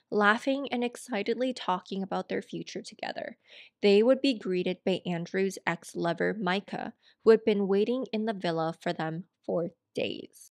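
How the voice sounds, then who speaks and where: A woman's voice: mid-range voice, creaky, dry recording. Woman, true crime narrator, conversational storytelling, personal asides, dry close sound.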